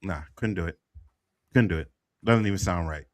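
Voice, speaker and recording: A man's voice: deep voice, normal speed, no echo. A man talking casually as a podcast panelist, often repeating his words as he goes. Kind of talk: casual chat.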